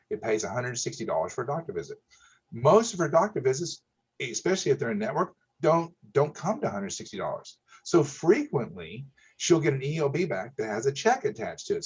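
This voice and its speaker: Man, folksy, emphatic, husky, dull lo-fi audio. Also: medium pitch. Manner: folksy, emphatic, says okay a lot. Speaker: insurance broker guest. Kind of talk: casual storytelling.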